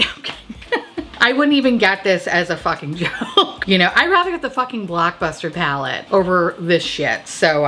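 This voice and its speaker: A woman's voice: mid-range voice, a bit bright, a little hiss or hum. A young woman giving casual, profane and sarcastic commentary on new makeup releases.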